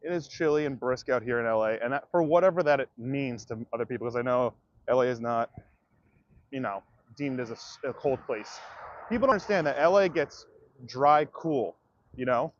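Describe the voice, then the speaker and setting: A man's voice: medium pitch, moderate pace, muffled recording. A man livestreaming outdoors, ranting to his viewers in a profane, direct way. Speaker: comedian livestreamer. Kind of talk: livestream rant to chat.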